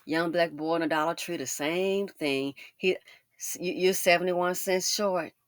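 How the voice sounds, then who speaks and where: A woman hosting a casual commentary monologue, telling personal stories in an animated way and acting out the voices of the people she quotes. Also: a little slow, dry recording. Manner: animated storytelling, acts out quoted voices with big pitch jumps. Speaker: commentary channel host.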